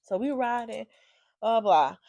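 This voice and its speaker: A woman vlogger telling a story casually, with animated, profanity-heavy, exasperated delivery. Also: a little high, a little slow, creaky, dry recording.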